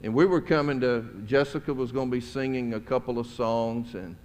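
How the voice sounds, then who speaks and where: Brisk and a little mellow, this medium-pitched voice belongs to a middle-aged pastor telling stories through his sermon. He's chatty and folksy with chuckling asides, and the church sanctuary gives a long reverb.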